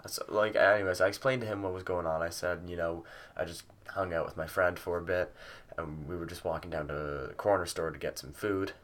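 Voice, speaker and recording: Deep-voiced teenage guy, casual vlog storyteller, rambly and sweary, lots of fillers. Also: fairly bright tone. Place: at home with a cat nearby.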